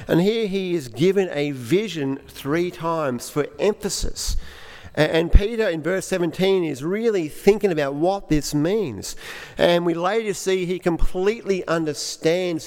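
Halting preacher in an echoey hall. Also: male voice, fairly high pitch, a little mellow. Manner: halting, repeats words while explaining. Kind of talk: sermon.

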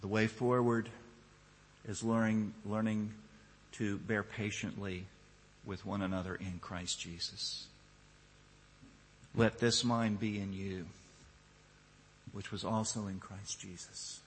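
In a church, a pastor delivers an earnest sermon to his congregation, building emphasis before closing in prayer. His voice runs low and breathy with a flat delivery, unhurried and broken by long pauses. A long reverb from the church hall trails every word.

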